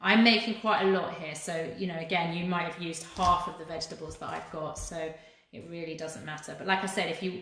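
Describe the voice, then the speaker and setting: A woman's voice: on the low side, fairly bright tone, heavy reverb, a little hiss or hum. A woman leading a live cooking demonstration for children, chatty and encouraging as she talks to viewers while she works. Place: kitchen.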